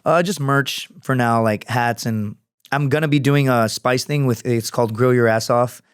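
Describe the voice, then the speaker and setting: Here a podcast guest from the United States talks at a moderate pace in a smooth, mid-range voice, recorded in the studio without echo. The conversation is a laid-back interview full of cursing and anecdotes.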